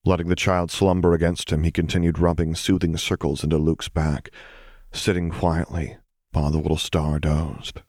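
Deep-voiced male story reader. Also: little pitch movement, normal speed, a little mellow, no echo, clean studio sound. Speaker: audiobook reader. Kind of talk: fan fiction audiobook narration.

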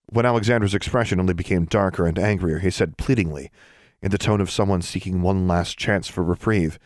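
A man narrating a fantasy novel audiobook in a calm, even reading. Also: deep voice, a little fast, no room sound, studio quality. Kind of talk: scripted narration.

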